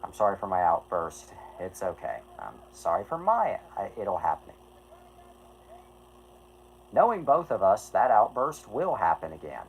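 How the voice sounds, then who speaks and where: A man's voice: fairly low pitch, big pitch swings, measured pace, slight background noise, low-quality recording. A man chatting casually on a livestream, rambling and apologetic, who swears and keeps restarting his sentences. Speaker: streamer.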